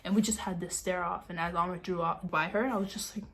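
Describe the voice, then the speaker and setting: A young woman vlogger telling a dramatic story in a casual, animated way, full of fillers and acted-out sounds. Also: lowish voice, a little fast, a little hiss or hum.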